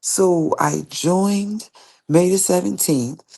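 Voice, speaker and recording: A woman's voice: on the low side, slow, creaky, dark tone, husky. A woman hosting a livestream, speaking straight to an absent opponent in a confrontational, rambling rant that repeats itself. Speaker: livestream host. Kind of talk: direct-address livestream rant.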